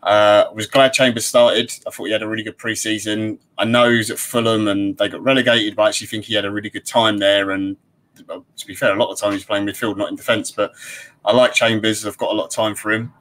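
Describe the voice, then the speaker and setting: A man co-hosting a casual football podcast, easygoing and measured. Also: fairly low pitch, little pitch movement, fairly bright tone, poor audio. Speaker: podcast co-host.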